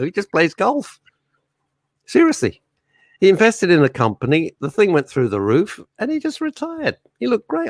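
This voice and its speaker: A man's voice: on the high side, no echo, clean studio sound. A middle-aged man hosting a radio show, chatting casually and rambling through anecdotes. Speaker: radio host. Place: radio studio.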